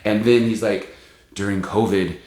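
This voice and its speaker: A man hosting his book channel, telling a story in an animated, casual way with lots of fillers. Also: on the low side, unhurried, roomy sound. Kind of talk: excited casual vlog talk.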